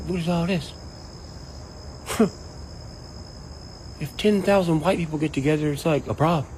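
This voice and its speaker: A man's voice: on the high side, a little slow, a little hiss or hum, poor audio. Profane rambling man ranting. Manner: profane, rambling, animated, quotes people in mock voices. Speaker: online commentator. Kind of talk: casual rant to camera.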